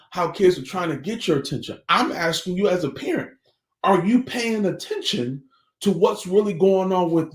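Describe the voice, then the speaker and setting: A man with a noticeably high voice delivers a morning motivational talk on family life, speaking in an echoey room. He is earnest and preachy, pressing his listeners with one pointed question after another.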